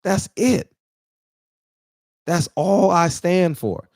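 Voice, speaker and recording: A man's voice: sits high, extremely slow, a little mellow, no room sound, studio quality. A man in his forties, emotional and near tears, delivering an emphatic, preachy casual monologue that repeats points for emphasis. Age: 40s. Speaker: barbershop talk show regular.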